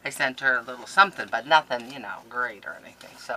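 A woman's voice: rumbling low, a little fast, hardly any pauses, sharp tone, a little hiss or hum, rough recording. A woman in her forties chatting casually to viewers while opening mail, effusive and emotional, with frequent exclamations. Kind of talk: casual chat. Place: home craft room.

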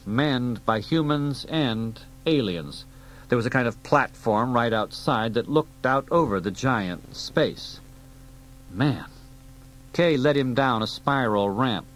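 A man reading an audiobook aloud in a steady storytelling delivery. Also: medium pitch, slight background noise, poor audio. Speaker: audiobook reader. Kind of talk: audiobook narration.

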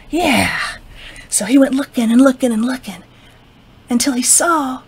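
Librarian woman, storytime narrator: slow, breathy, very lively pitch, drops into whispers. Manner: expressive, with whispers and sound effects.

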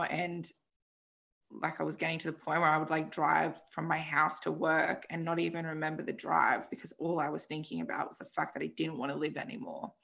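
Low, gravelly-voiced young woman telling her story. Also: fairly even intonation, a little fast, sharp tone. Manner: emotional, frank, swears freely, says "like" often. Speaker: podcast guest. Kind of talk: candid personal story in an interview.

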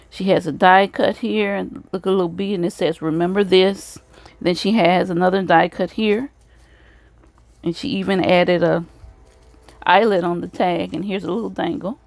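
A woman's voice: lowish voice, fairly even intonation, moderate pace, creaky, darkish tone, no echo. A woman hosting a casual craft video, showing swap items and praising them again and again. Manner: gushing, repeats praise often.

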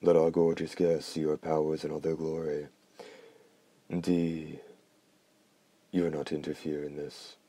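A man's voice: a bass voice, level tone, a little slow, long pauses, dark tone, no echo. A man reading the part of an arrogant vampire duke with a contemptuous, commanding manner. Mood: scornful.

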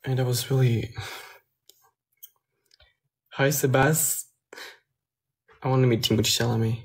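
A man's voice: medium pitch, steady tone, measured pace. A young man with a Belgian French accent, reading viewer comments aloud on a phone live stream and answering them casually in English and French.

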